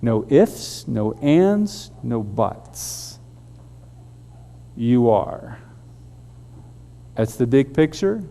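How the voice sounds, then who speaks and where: A man voicing God, calm and firm, speaking in a low, matter-of-fact way. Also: very slow, creaky, pauses often, big-room sound, full character voice.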